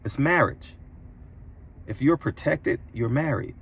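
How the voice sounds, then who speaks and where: A man delivering an opinionated commentary monologue as a boxing commentator, preachy and emphatic, his voice jumping higher when indignant. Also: expressive, slow pace, a bit bright, husky.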